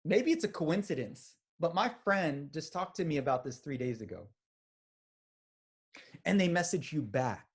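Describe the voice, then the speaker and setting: Energetic man giving a sales pep talk. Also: on the high side, normal speed, slightly rough. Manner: energetic, acts out quoted conversations. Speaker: business trainer. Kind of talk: motivational sales training talk.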